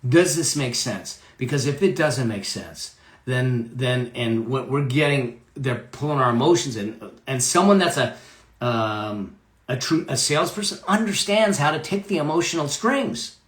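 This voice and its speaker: A man's voice: mid-range voice, animated, moderate pace, fairly bright tone, roomy sound. A man giving a live motivational talk about money, emphatic, repeating key phrases and checking in with "okay?".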